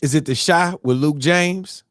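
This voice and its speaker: A man hosting a morning show, telling a story in a lively, excitable way and acting out his own reactions. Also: on the high side, unhurried, no room sound, clean studio sound. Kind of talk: animated casual storytelling.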